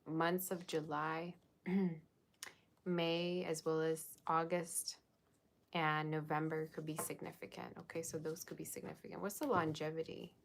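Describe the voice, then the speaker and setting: A woman with a low voice talks her viewers through a tarot spread. She is chatty and casual, drops slang and fillers, and thinks out loud as she goes. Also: level tone, a little slow, gravelly, slight background noise. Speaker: tarot reader.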